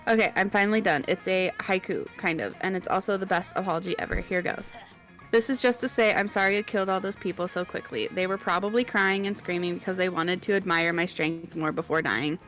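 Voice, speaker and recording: A woman's voice: on the low side, brisk, a bit bright, soft background music, lightly acted. A woman voicing a ruthless, bloodthirsty woman conqueror in a grandiose, gleefully menacing manner.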